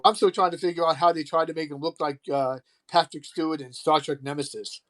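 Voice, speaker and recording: A man's voice: a little high, fairly even intonation, fairly quick, a bit bright. A man in his sixties, a podcast guest who chats casually in a rambling way, full of hesitations. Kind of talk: casual chat.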